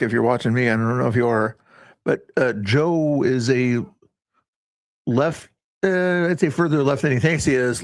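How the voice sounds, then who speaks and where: A man's voice: medium pitch, dry recording. A man hosting a casual livestream, rambling and often breaking off mid-sentence. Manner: rambling, self-interrupting. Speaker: livestream host.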